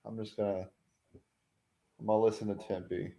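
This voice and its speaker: Low, mellow-voiced man holding back. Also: level tone, moderate pace, gravelly. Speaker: player.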